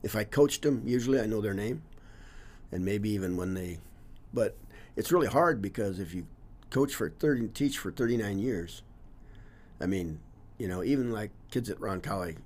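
Older coach, low husky voice, earnest and rambling, casual interview. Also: male voice, lively intonation, normal speed, darkish tone. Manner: earnest and reflective, trails off with "you know, whatever". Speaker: longtime teacher and coach.

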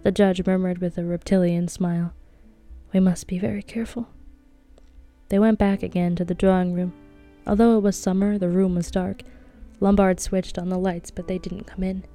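Mellow-voiced woman reading a novel. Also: fairly low pitch, little pitch movement, moderate pace, faint music behind. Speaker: audiobook reader.

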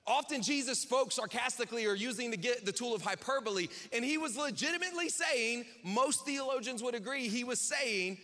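A man's voice: very high voice, brisk, hardly any pauses, pushed and bright, big-room sound. A man preaching a sermon in a casual, chatty way, with joking asides to the congregation. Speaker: pastor.

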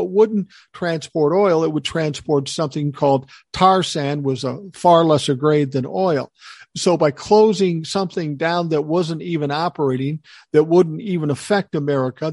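Older male talker, slightly high voice, lively yarn-spinner, dry close sound. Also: dry recording. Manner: animated storyteller acting out quoted voices. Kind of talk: casual storytelling chat.

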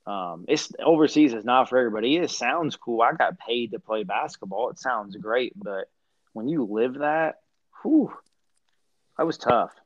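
A young man from Central Illinois with a slight country twang, a podcast guest telling his stories in a lively, laughing way. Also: mid-range voice, normal speed, no room sound. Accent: rural Midwestern US, slight country twang. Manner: animated storyteller, laughs often. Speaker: podcast guest, former basketball player. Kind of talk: casual chat. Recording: dull, muffled audio.

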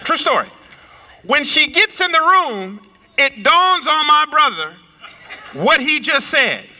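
A middle-aged man preaching a sermon, swinging his pitch up and down and slowing or raising his voice for emphasis. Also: sing-song, pushed and bright. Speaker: pastor. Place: lives in a big city apartment.

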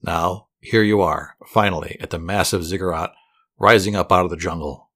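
Deep-voiced man narrating calmly. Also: moderate pace. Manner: soothing, steady, dryly humorous. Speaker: storyteller. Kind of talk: calm guided fantasy narration.

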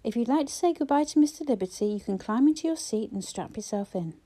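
A woman reading a brisk, sharp-tongued young woman who trades teasing banter, in an audiobook. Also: fairly high pitch, animated. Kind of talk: audiobook character voice.

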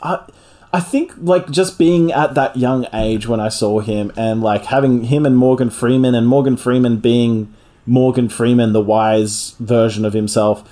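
A man's voice: mid-range voice, a little slow, dark tone. Rambling, chatty podcast man. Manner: chatty, rambling, laughs often. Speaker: podcast co-host. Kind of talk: casual chat.

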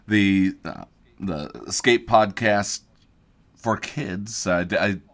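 A man co-hosting a podcast in relaxed, self-deprecating casual chat, sometimes stumbling over words. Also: fairly low pitch, takes it slowly. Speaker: podcast co-host.

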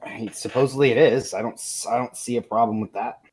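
A man playing a tabletop game, easygoing and a little halting. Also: medium pitch, fairly even intonation, a crowd in the background. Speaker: player.

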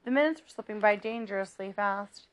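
A woman reading a children's novel aloud in a steady, plain narrating voice, with small slips. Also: mid-range voice, a little fast. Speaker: reader.

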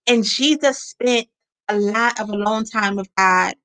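A woman delivers a sermon with a high, bright voice. She speaks earnestly and repeats her key phrases to drive each point home. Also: a little slow, rough recording. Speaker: preacher.

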